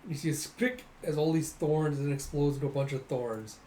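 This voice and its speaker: A man reads through a comic with animated narration and acted-out sound effects. His voice sits a bit high with a dark, mellow tone. It sounds like an echoey room with a faint hiss. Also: normal speed. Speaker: comic readthrough host. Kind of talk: casual comic readthrough.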